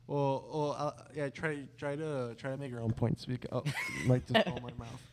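A man's voice: mid-range voice, fairly even intonation, normal speed, noisy background. Young man teasing with dry sarcasm. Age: young adult. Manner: rambling, many restarts, dry sarcastic teasing. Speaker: podcast host. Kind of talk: casual sibling chat.

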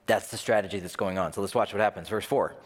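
A man preaching a sermon as pastor in a conversational, animated way, acting out scenes as he tells them. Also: fairly low pitch, quick pace, big-room sound.

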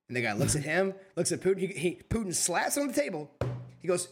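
A young man co-hosting a casual podcast, telling crude, animated stories full of swearing. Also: sits high, fast, husky. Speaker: podcast co-host. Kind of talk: casual chat.

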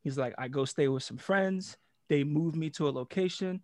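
Animated, profane man telling a story. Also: a little high, moderate pace, no room sound, clean studio sound. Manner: animated, profane, laughs often. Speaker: podcast co-host. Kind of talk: casual storytelling chat.

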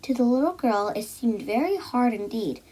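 A woman reads a children's storybook aloud, with a lightly high, breathy voice. She acts out the characters and often drops into soft whispers. The pacing is gentle and playful. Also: normal speed, rough recording. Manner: lively, acted character voices with frequent soft whispered asides. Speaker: storyteller reading a children's book.

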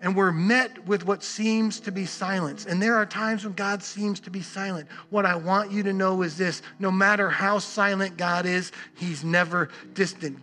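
Earnest preacher man, high bright voice. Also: steady tone, faint music behind. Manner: earnest, emphatic, with long pauses and repeated words. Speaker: pastor. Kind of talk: sermon.

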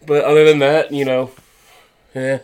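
A man's voice: mid-range voice, flat delivery, a little mellow, clean tone. A man co-hosting a casual podcast with a stuffy head cold, recapping the week loosely and mockingly. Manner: casual rambling recap, quick mocking paraphrase of wrestlers. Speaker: podcast co-host.

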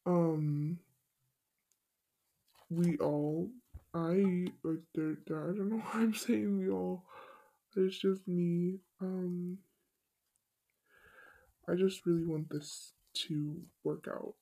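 A woman's voice, altered by a voice changer, drags along slowly and sounds gravelly. She hosts a casual solo podcast in a shy, halting way and fills her pauses. The recording has glitches. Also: lowish voice, fairly even intonation, warm tone. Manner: shy, hesitant, halting with many fillers. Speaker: podcast host.

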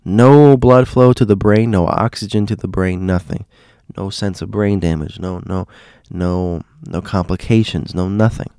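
A man hosting a show, telling a story in a casual, halting way, often repeating words and dropping to a hushed voice. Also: low voice, smooth, no echo, studio quality. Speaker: host.

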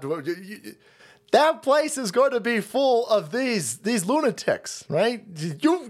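A man hosting a livestream, ranting in a profane, mocking way and laughing often. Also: sits high. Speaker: livestream host.

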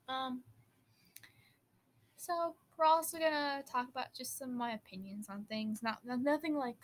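A woman's voice: high-pitched, normal speed, poor audio. A fifteen-year-old girl from Wisconsin with a light Upper Midwest accent, hosting her own podcast in a bubbly, giggly, rambling way with frequent restarts. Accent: Upper Midwest American. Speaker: podcast host. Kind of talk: casual teen podcast chat.

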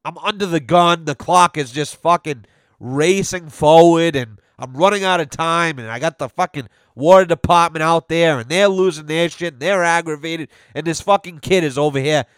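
A man's voice: a little high, normal speed, fairly bright tone, clear, resonant tone, dry recording, clean studio sound. A man, a podcast host ranting through a casual, profane monologue. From Rhode Island.

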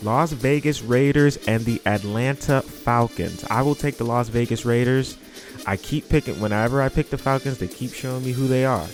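A man's voice: medium pitch, moderate pace, faint music behind. A man hosting a casual podcast, who repeats words for emphasis. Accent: New York. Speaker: podcast host.

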